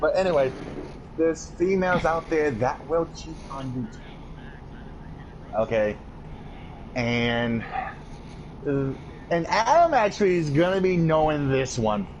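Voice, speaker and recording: A man's voice: on the high side, lively intonation, a little slow, pauses often, a little hiss or hum. A man hosting a podcast, telling a personal story in a casual, profane, ranting way. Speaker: podcast host. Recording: dull lo-fi podcast audio.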